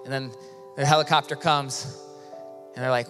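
A man from Michigan preaching a sermon to a large auditorium, earnest and often dropping to a soft, intimate hush. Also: medium pitch, little pitch movement, moderate pace. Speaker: worship leader and preacher. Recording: live hall with long reverb, faint music.

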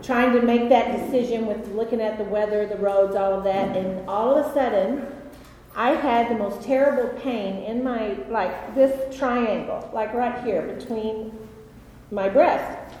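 A woman leading a Bible study lesson, telling a story in an animated, chatty way with many fillers. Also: fairly high pitch, measured pace. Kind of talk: conversational Bible study teaching. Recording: echoey hall with long reverb, faint noise.

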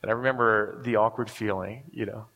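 A man's voice: fairly low pitch, fairly even intonation, brisk, a bit bright, long reverb tail. A man preaching a sermon as a pastor, speaking in a conversational way, chuckling often and checking in with his listeners. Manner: conversational, chuckles often, keeps asking "right?".

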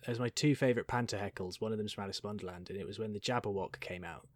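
A man's voice: fairly low pitch, racing, dry recording, studio quality. A man chatting casually in an interview, telling pantomime anecdotes with laughter. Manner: animated anecdotal storyteller, laughs often. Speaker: pantomime performer.

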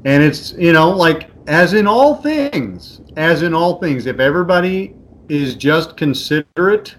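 A man who is a podcast guest, chatting casually and telling animated stories, acting out the voices of other people. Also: on the high side, measured pace. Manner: animated storyteller, acts out voices in anecdotes. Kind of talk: casual chat, storytelling.

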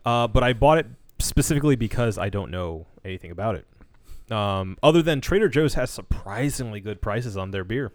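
A man co-hosting a casual podcast, easygoing, agreeing a lot and reading product labels aloud in a flat way. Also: fairly low pitch, fairly quick, no echo. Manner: laid-back, agrees a lot, reads labels aloud flatly. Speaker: podcast co-host. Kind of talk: casual chat.

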